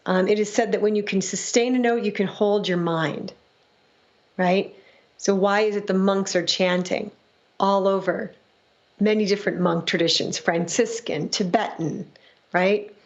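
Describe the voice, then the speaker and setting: A reflective woman in her fifties answers questions in a mid-pitched voice. She explains things like a teacher and often tags her points with "right?". The audio is dull and lo-fi, as if from an online call. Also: fairly even intonation, unhurried. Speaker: guest teacher of music and sound healing.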